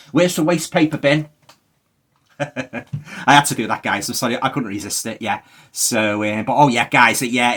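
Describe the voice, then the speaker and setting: A man's voice: medium pitch, a bit bright, breathy edge. A man with a Liverpool accent giving a rambling, exasperated spoken movie review, full of fillers.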